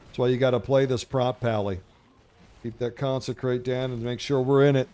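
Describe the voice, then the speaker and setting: A man's voice: medium pitch, warm tone. A middle-aged man hosting a gaming channel, telling rambling, profane, jokey stories over gameplay commentary. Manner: profane, brash, jokey storytelling.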